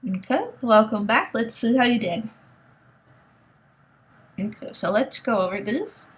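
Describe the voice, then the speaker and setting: A woman's voice: fairly high pitch, lively intonation, measured pace. A woman teaching a recorded online language lesson, explaining words and sounds patiently and checking in with a frequent "okay?". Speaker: Spanish teacher.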